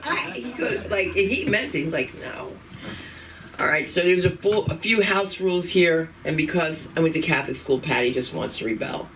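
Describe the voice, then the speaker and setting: A middle-aged woman hosting a live stand-up comedy open mic in a chatty, animated way, slipping into character voices. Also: lowish voice, a little fast, few pauses. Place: comedy club stage. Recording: distant mic with noisy room.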